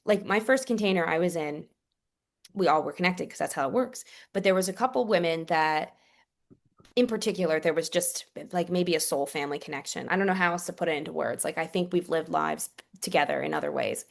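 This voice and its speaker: A woman's voice: fairly low pitch, a little fast, creaky. Effusive woman, earnest spiritual talk. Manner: earnest and effusive, with soft whispered asides. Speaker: priestess and author, podcast guest. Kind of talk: casual chat.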